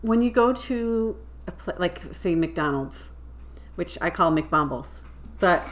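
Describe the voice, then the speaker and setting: A woman from a small American town co-hosting a podcast, animated and quick to gasp and laugh in casual chat. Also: on the low side. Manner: animated, gasps and laughs often. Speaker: podcast co-host.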